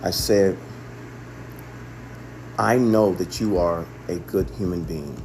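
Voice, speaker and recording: A man's voice: low voice, slow, a little mellow, slight background noise. A man, a chef, telling the story of a phone call in an earnest monologue, often repeating himself for emphasis. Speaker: chef and restaurant owner.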